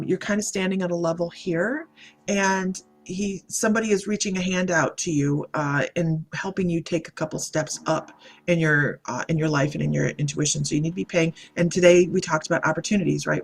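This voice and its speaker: Gravelly-voiced woman giving a psychic reading. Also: lowish voice. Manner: halting, meandering, reads out viewer comments and greets viewers by name. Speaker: psychic medium. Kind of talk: live-streamed psychic reading.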